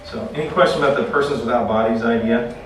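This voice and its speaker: A man teaching a class in a relaxed, conversational way, telling stories and often restarting his sentences. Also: medium pitch, fast talker. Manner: conversational, repeats words when restarting. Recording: echoey room, far from mic, faint noise.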